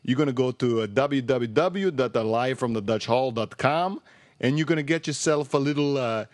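A podcast host voicing a brash stereotyped Italian-American man, with an exaggerated accent and broken grammar in a playful ad pitch. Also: very fast, a little mellow, no room sound, lightly acted. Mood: hammy.

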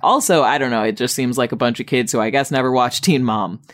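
Wry, rambling woman podcast host. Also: quick pace. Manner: wry, exasperated, jumps high for mock quotes; rambling with many "like" fillers. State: high on weed. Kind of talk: casual TV review chat.

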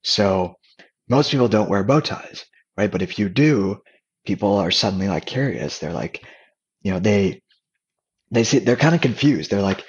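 Brief: low, husky male guest, candid and loose, slightly dull lo-fi recording. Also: moderate pace. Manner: relaxed, candid, many fillers and restarts. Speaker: podcast guest. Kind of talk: casual conversational storytelling.

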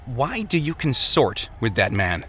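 A man's voice: medium pitch, very animated, unhurried, noisy background. A man voicing a brash, scornful male reveler who talks in a mocking, bossy way.

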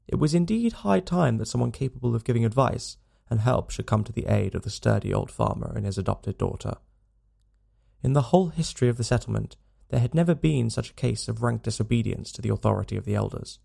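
A man narrating a classic story in a measured, dramatic audiobook reading. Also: medium pitch, lively intonation, creaky, mellow.

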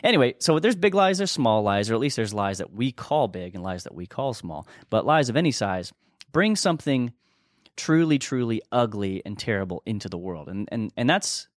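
A man's voice: on the low side, very animated, moderate pace, dry recording, studio quality. A man co-hosting a podcast, talking in an earnest, rambling way with restarts and chuckles. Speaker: podcast co-host. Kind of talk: casual conversational podcast teaching.

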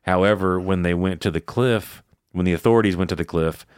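Man, very low voice, smooth and clear, dry close sound, casual profane storytelling. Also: fairly quick, no echo. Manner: retells eerie stories in casual, profane talk. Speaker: podcast host.

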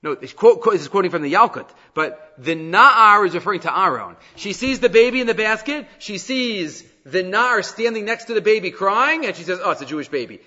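A man's voice: high-pitched, normal speed, few pauses, big-room sound, lo-fi sound. A man teaching a class on the weekly Torah portion, reading Hebrew verses aloud and then explaining them in English. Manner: animated, reads Hebrew verses then translates.

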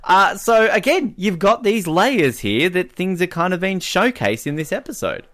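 Animated man co-hosting a podcast. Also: high voice, normal speed. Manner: animated, mimics people in quotes. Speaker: podcast co-host. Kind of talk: casual chat.

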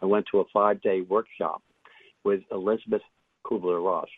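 An older man, an author and interview guest, telling his story in a reflective way, halting often with fillers and restarts. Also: deep voice, fairly even intonation, no echo. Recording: tinny phone line.

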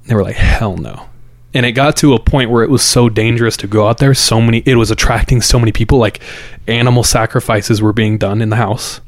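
A man's voice: mid-range voice, fairly even intonation, fast talker, few pauses, no echo, clean studio sound. A man hosting a podcast, telling a story in a loose, conversational way, repeating words and using fillers. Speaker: podcast host. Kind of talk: casual spoken storytelling.

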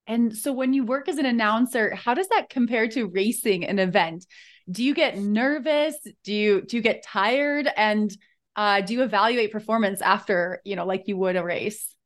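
A woman podcast host asking questions in a friendly, measured way. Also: mid-range voice. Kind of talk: interview questions.

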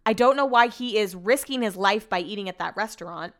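A young woman hosting a podcast, chatting casually and gossiping in an animated way, and reading out her texts with a friend. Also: mid-range voice, fairly quick. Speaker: podcast host. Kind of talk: casual chat.

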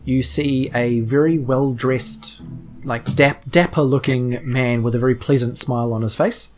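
Relaxed game master narrating. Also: medium pitch, measured pace, faint music behind. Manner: relaxed, filler-heavy narration.

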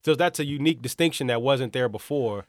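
A man with a mid-pitched voice talks sports in a casual, rambling way, restarting as he goes. The sound is dry and close. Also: fast talker, no echo. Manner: rambling, restarts, loose and joking. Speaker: sports talk co-host.

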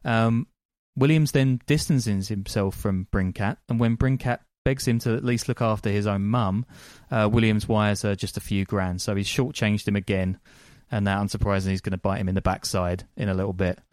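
A man's voice: fairly low pitch, fairly even intonation, normal speed, a little mellow, dry recording, clean studio sound. A male podcast host telling a crime story in casual chat, with lots of ums and frequent laughs.

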